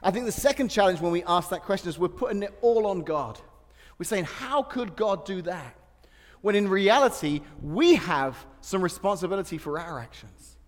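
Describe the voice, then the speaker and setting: A man with a high voice preaches to a congregation, mixing light personal stories into the sermon. He laughs often between lines. His voice rings out with a long reverb in a large church hall. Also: lively intonation, normal speed. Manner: humorous storytelling, laughs often. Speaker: pastor.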